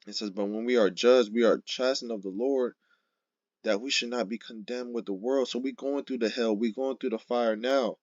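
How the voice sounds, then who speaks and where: An emphatic man preaches in a loose, informal way, reading verses slowly and then pressing his points with a constant "okay?" and "right?". His voice sits at an ordinary male pitch. The recording is dull and muffled, with a dry, close sound. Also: fairly even intonation, a little mellow, dry recording. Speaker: street-style scripture teacher. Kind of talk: informal sermon with scripture reading.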